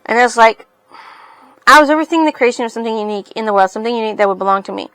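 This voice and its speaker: A woman's voice: fairly high pitch, racing, a bit bright, clean tone, no room sound, low-quality recording. A woman in a casual book review, retelling the story in a rambling way full of "she's like".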